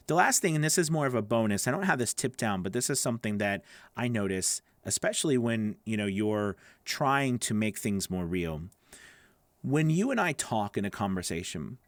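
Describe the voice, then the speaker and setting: A man coaching voice actors, explaining in an animated way with a wide-ranging pitch, speeding up and getting louder to make a point. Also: no echo, studio quality. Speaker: voice acting coach. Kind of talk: instructional talk to camera.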